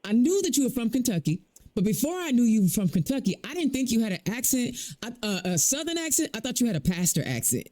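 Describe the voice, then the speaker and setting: Female talk host, mellow warm tone, chatty, stammers into restarts. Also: fairly high pitch, sing-song, fast. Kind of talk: casual interview chat.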